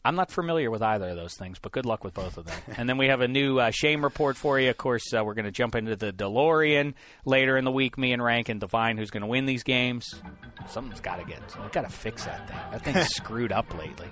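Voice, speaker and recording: A man's voice: medium pitch, expressive, fast, fairly bright tone, soft background music. A man hosting a sports podcast in casual, jokey chat, rambling with frequent restarts. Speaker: podcast host.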